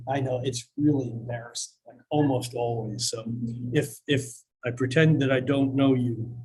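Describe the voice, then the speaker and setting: Hosting an astrology evening live at a coffeehouse, the man speaks at a normal speed in a medium-pitched, slightly mellow voice, though the audio is poor. His casual talk and storytelling wander, with self-deprecating remarks and lots of filler words.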